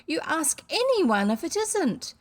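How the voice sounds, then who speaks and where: A woman's voice: extremely high pitch, very animated, takes it slowly, pitched above the performer's own voice, exaggerated voice. A woman voicing a blunt, outspoken little girl with a piping manner.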